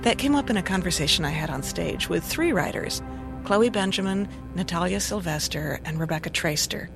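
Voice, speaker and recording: A podcast host introduces a segment in calm, scripted narration. The voice has a gravelly fry, and music plays clearly underneath. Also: medium pitch, normal speed.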